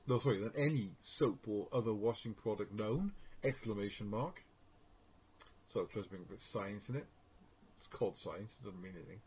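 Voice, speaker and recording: A man's voice: fairly low pitch, fairly quick, darkish tone, a little hiss or hum, low-quality recording. A man giving an informal media studies lesson, hesitating often with fillers. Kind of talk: recorded lecture.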